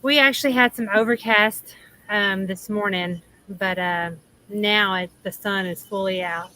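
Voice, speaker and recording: Speaking at a measured pace with a sharp tone and fairly even intonation, a livestream host with a Southern accent and medium pitch chats casually outdoors under a shady awning. She laughs and drifts off with ums, and the recording is rough.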